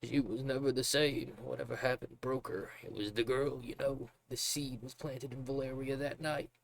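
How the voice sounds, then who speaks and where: A man's voice: medium pitch, fairly even intonation, moderate pace, gravelly, pitched above the performer's own voice, close to an everyday voice. A man doing a drunk, grieving old soldier father. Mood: anguished, rambling. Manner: rambling, anguished. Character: drunken, grief-broken older father, a master-at-arms.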